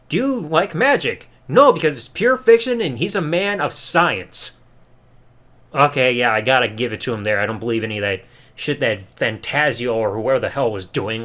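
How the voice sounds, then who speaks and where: A man's voice: mid-range voice, big pitch swings, moderate pace, a bit bright. A man hosting a podcast, giving a sarcastic, casual episode review and swearing freely. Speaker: podcast host.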